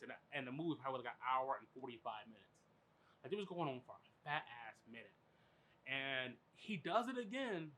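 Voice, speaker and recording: A man hosting a podcast, telling a story in animated, profane, filler-heavy casual chat. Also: fairly high pitch. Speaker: podcast host.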